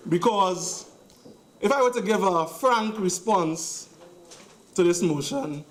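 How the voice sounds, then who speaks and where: A man's voice: high-pitched, animated, takes it slowly. A man with a Trinidadian accent giving a sarcastic, emphatic speech in a parliamentary debate, hammering points through repetition. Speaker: member of parliament. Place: parliament chamber.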